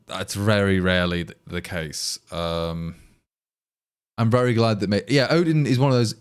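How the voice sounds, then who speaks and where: A Leicestershire programmer with an East Midlands English accent livestreams his coding, chatting casually as he thinks aloud and answers viewers. He speaks at a moderate pace in a smooth voice on the low side.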